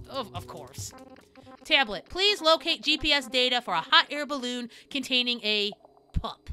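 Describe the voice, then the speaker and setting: With a fairly high voice at a normal pace, a female streamer reads the game's lines aloud and jokes around as she plays. Frightening moments make her squeal or whisper, and faint music plays behind her.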